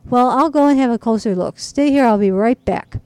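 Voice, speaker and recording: A woman's voice: fairly high pitch, a little fast, warm tone, clear, resonant tone, no echo, lightly acted. A woman voicing a hearty, cheerful father who hunts treasure in a junkyard, in a storybook reading. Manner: hearty and upbeat. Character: cheerful dad who loves junk treasure.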